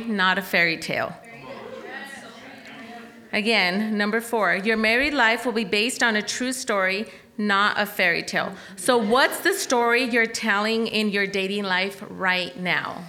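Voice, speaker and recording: A young adult woman telling a story in casual talk, animated and laughing, with many "like"s and "okay?"s. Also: mid-range voice, unhurried.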